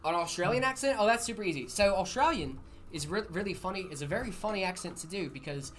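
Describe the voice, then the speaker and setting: A man's voice: sits high, expressive, quick pace, a bit bright, slight background noise. A man hosting a PC-building livestream, chatting playfully with viewers and using many fillers. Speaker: streamer hosting a PC-building stream. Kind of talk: casual livestream chat reading viewer messages. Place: indoor studio room.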